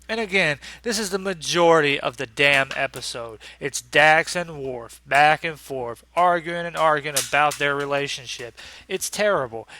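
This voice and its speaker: A man rants his way through a casual review in a crude, sarcastic, exasperated tone. His voice is bright and a little high. The sound is dry and close. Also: dry recording.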